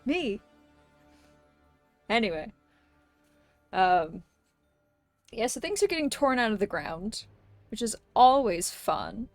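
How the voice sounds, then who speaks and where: A woman's voice: on the high side, very animated, slow, long pauses, dry recording, soft background music. A woman streaming a game live, chatting casually with chat and ranting with plenty of swearing. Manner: profane, ranting, greets chat.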